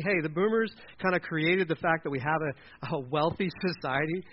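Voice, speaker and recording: A man's voice: fairly high pitch, moderate pace, hardly any pauses, dull audio. A male preacher from Delaware giving a conversational sermon, acting out quoted characters as he goes.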